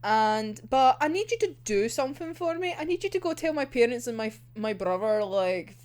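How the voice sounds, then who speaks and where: A woman's voice: on the high side, lively intonation, moderate pace, a little mellow, natural voice. A woman voicing a despairing young male soldier and poet, speaking in a weary, pleading way.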